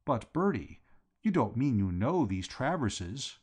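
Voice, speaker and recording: Timid young english gentleman, flustered, pleading, lively up-and-down tone, as a man reads him. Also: mid-range voice, unhurried, breathy edge. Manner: anxious, pleading.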